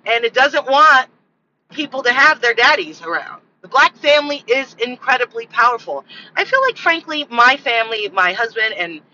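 A woman with a strikingly bright voice tells a personal story in a loose, rambling way, laughing often as she goes. Her delivery is animated and casual. The recording sounds dull and lo-fi, with faint traffic in the background. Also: a little high, normal speed. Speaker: podcast host.

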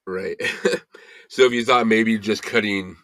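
Man with a very deep voice, podcast host, laid-back supportive replies, dry close sound. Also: slow, fairly bright tone, no echo. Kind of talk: casual interview chat.

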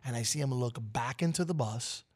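This radio co-host, a man in his forties, has a medium-pitched voice and talks fairly quickly. He's chatting casually and spinning a story, animatedly performing each character's lines at high volume.

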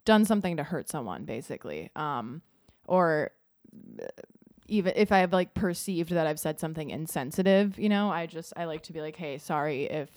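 A woman with a very low voice, recorded dry and close, talking about herself in a hesitant, filler-heavy way. Her voice often drops and trails off. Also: expressive, moderate pace, darkish tone, no room sound. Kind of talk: casual podcast chat.

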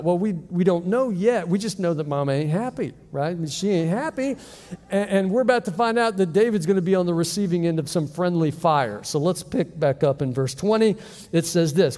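A man preaching a sermon as pastor, telling a Bible story with lively rhetorical questions. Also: sits high, brisk, in a large hall. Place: church auditorium.

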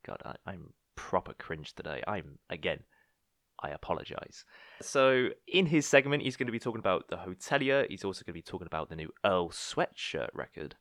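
A man's voice: sits low, sing-song, brisk, fairly bright tone, no echo, studio quality. A man hosting a podcast, talking casually in a rambling, self-mocking, jokey way. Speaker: podcast host.

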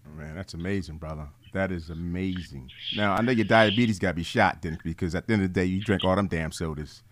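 Quick, low-voiced podcast co-host man. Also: no echo. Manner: teasing, quick questions. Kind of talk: casual chat.

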